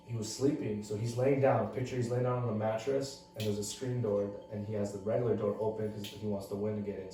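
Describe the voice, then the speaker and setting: A man's voice: fairly low pitch, warm tone, slight background noise. A man telling a story casually on a podcast. He swears a lot and fills his speech with "like.". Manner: heavy swearing, lots of "like" fillers. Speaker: podcast co-host. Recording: very echoey room, far from mic.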